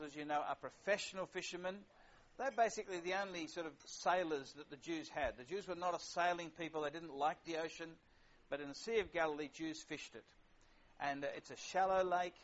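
A man's voice: fairly high pitch, fairly bright tone. A middle-aged man preaching a sermon in a conversational, wry way, with frequent fillers. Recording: lo-fi dull sound.

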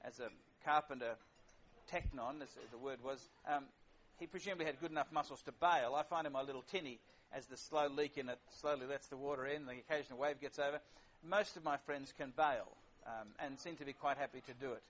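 A man's voice: mid-range voice, a little fast, fairly bright tone, slight background noise. A middle-aged man preaching a sermon in a conversational, wry way, with frequent fillers. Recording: lo-fi dull sound.

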